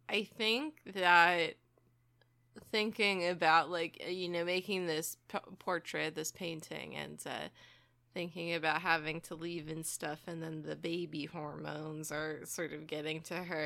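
Slow, hesitant woman with a gravelly voice. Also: deep voice, sharp tone, dry recording. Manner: slow, hesitant with many fillers. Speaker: tabletop game player. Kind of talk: casual tabletop role-play.

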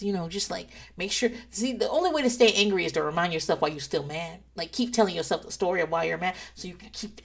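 A married woman hosting a casual talk show, gossiping in an animated, profane way and breaking into laughs as she tells stories. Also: fairly low pitch, vocal fry. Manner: animated, profane storytelling with laughs and acted-out quotes. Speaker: podcast host.

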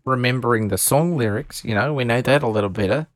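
A man's voice: mid-range voice, fast talker, slight background noise. A man acting as co-host and color commentator, rambling with lots of fillers and offering blunt ideas.

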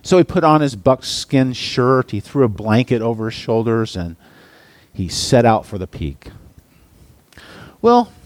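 Animated, halting man preaching. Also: dry recording. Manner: halting, lots of restarts and uh's, emphatic pitch swings. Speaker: pastor or Bible teacher. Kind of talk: sermon with storytelling.

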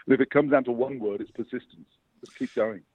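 A man, a publicist, telling lively motivational anecdotes as a guest over the phone. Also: medium pitch, fairly quick, no echo. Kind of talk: interview storytelling. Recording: tinny phone line.

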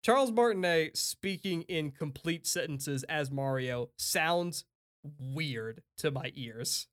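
Male co-host, slightly raised pitch, animated and opinionated, casual swearing banter. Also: slow pace. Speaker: podcast co-host. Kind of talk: casual chat.

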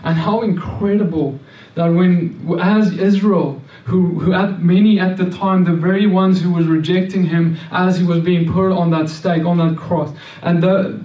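A man's voice: sits high, steady tone, a little slow, hardly any pauses, far from the mic, lo-fi sound. A man preaching a sermon in an earnest, repetitive way, often restarting and stammering over words. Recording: echoey room, voice off-mic.

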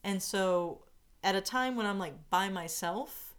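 A woman's voice: medium pitch, a little slow, smooth. A woman co-hosting a podcast in casual chat, chatty, trailing off mid-thought and laughing easily. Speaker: podcast co-host.

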